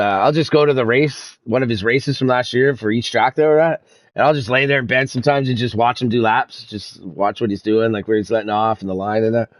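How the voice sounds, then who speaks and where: A man's voice: mid-range voice, dry recording. Laid-back swearing young man, dry sound. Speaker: sim racing streamer. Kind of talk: casual chat over voice chat.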